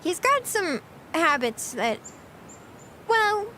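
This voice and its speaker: Giggly, very high-voiced young woman streamer. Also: sing-song, takes it slowly, sharp tone, a little hiss or hum. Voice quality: giggly, rambling. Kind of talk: casual chat with stream viewers.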